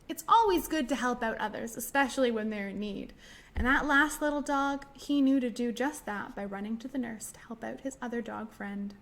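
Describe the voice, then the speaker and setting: A woman hosting a library storytime for young children, talking through finger rhymes in a gentle, encouraging way. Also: a little high, normal speed.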